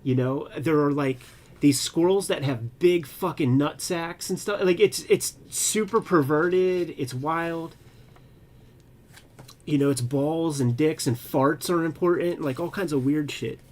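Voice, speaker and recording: A man co-hosting a casual comics chat as a working cartoonist, talking in an animated, loose way with profane, slangy asides. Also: a little high, measured pace. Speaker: co-host, cartoonist.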